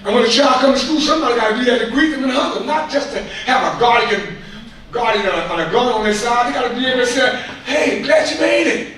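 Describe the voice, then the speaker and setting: A man's voice: extremely high pitch, fast talker, a bit bright. A man giving an impassioned, preachy public comment to a school board, repeating himself in colloquial speech. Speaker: community speaker addressing a school board. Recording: echoey hall from far off, faint noise.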